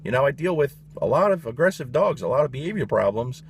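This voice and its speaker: A man's voice: mid-range voice, sing-song, fast talker, few pauses, a little hiss or hum. A man, a dog trainer, giving his opinions in a blunt, emphatic casual monologue, swearing freely.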